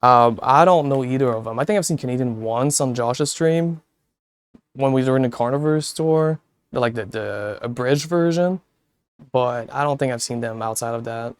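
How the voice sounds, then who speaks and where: A man's voice: mid-range voice, measured pace, no room sound. A man chatting casually on a stream, telling stories with a lot of swearing and laughter. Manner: profane, laughing storyteller; talks to chat viewers.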